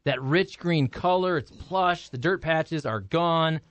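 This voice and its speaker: A man's voice: a little high, slow pace, a bit bright, no echo. A man co-hosting a radio show, reading a sponsor ad live with upbeat, salesy enthusiasm. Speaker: radio co-host. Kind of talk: ad live read.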